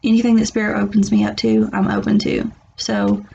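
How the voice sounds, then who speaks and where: Blunt, gravelly woman reading tarot. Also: mid-range voice, monotone, brisk, mellow. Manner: blunt, laughing, rambling with restarts. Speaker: tarot reader. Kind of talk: casual tarot reading vlog. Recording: muffled lo-fi recording.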